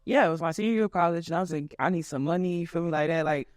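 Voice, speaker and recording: A woman hosting a podcast, chatting in a relaxed, slangy way. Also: on the low side, racing, no room sound. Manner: relaxed and slangy, with lots of agreeing "yeah"s. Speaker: podcast host. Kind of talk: casual podcast chat.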